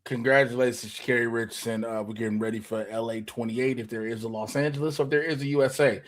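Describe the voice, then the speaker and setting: A man co-hosting a casual podcast, swearing freely and breaking into loud, mocking outbursts. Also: medium pitch, steady tone, fast talker. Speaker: podcast co-host. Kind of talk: casual sports chat.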